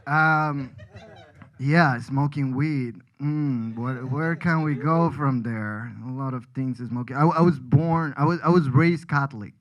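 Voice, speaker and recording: A man's voice: medium pitch, measured pace, highs cut off. A man from Colombia, a comedian rambling through a self-deprecating stand-up set with frequent restarts.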